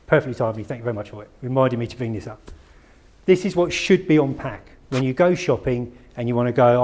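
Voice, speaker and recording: A man's voice: medium pitch, a little mellow. A man giving a conference presentation, chatty and conversational, asking the audience questions and joking at his own expense. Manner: conversational, asks the audience questions, self-deprecating asides. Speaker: conference speaker. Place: conference room.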